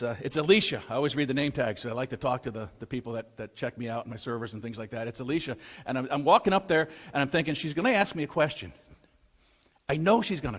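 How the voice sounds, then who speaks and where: A man preaching a sermon and telling a story. His voice swings between loud, urgent pleas and hushed, quiet lines. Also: medium pitch, quick pace. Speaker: pastor. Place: church sanctuary. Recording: long church hall reverb.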